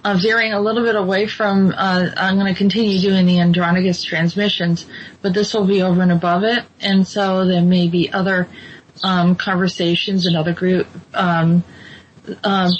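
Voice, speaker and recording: A woman's voice: lowish voice, flat delivery, normal speed. Hesitant woman hosting, lo-fi sound. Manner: hesitant, many ums and restarts. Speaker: host. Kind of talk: casual spiritual talk show chat. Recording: dull lo-fi sound with faint noise.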